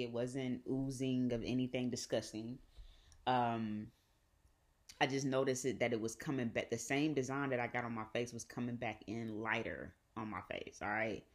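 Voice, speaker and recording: A woman with a Southern US accent, hosting a podcast and telling a personal story in a profane, animated way with repeated phrases. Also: extremely low pitch. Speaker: podcast host. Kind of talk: casual storytelling.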